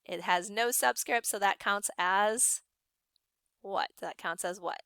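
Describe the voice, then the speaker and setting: A young woman science teacher running an online class, upbeat and encouraging, briskly calling on students by name. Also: medium pitch, sharp tone, smooth, dry recording.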